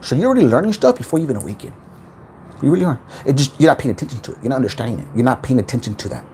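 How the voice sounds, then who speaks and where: A man talks through a casual livestream monologue with a lively, swooping voice, starting and restarting his sentences. His pitch sits in an ordinary middle register. He tosses in swear words along the way. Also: rapid-fire, a little hiss or hum. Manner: rambling, repeats words, swears freely, animated. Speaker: spiritual self-help livestream host.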